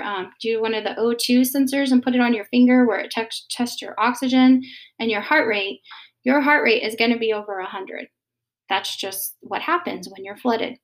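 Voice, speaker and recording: Woman in her 30s chatting about parenting, soft and rambly, kinda high voice. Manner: gentle, many fillers and restarts. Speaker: mother giving parenting advice. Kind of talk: casual advice talk.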